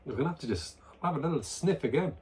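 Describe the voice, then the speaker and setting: A man's voice: fairly high pitch, animated, quick pace, darkish tone. Enthusiastic chatty man reviewing beer. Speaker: beer reviewer, channel host. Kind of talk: casual beer review vlog. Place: at home, near a barbecue area.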